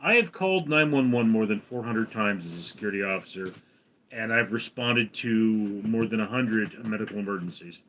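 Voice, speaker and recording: A man's voice: fairly low pitch, expressive, brisk, bright, forceful tone, slight background noise. Rambling man chatting on a livestream. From United States. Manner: rambling, reads viewer comments aloud and chats back. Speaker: livestream host. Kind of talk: casual livestream chat.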